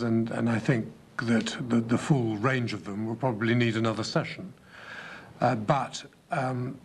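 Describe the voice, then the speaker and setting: A man testifies before an inquiry panel in a slow, careful, deliberate way. He pauses often to weigh his words, and his voice sits in a mid range. A faint hiss of noise runs under the recording. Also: mid-range voice. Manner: measured, deliberate, with frequent hesitations. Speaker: inquiry witness. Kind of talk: formal testimony.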